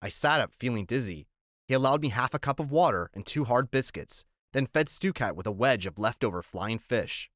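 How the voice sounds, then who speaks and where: Man, audiobook narrator, middle pitch, measured even delivery, dry close studio mic. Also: no room sound.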